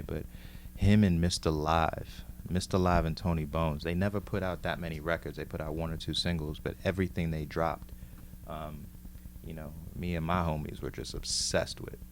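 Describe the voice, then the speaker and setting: Middle-aged man from New York City, very low voice, relaxed show-and-tell host. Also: brisk, slight background noise. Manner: laid-back, musing, reads lists aloud. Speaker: host showing his mixtape collection.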